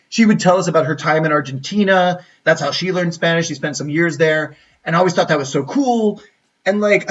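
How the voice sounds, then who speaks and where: A young man from the United States telling a school story in casual livestream chat, acting out the people he quotes. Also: on the high side. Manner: animated, acts out quoted people in his story. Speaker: college counselor, channel host. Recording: dull lo-fi audio from a distant mic.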